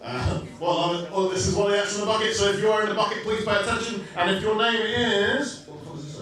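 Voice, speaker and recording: A man's voice: high voice, fairly even intonation, fast talker. A man hosting a comedy night, doing crude, teasing crowd work on stage. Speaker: show host. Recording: echoey club from far mic, loud crowd.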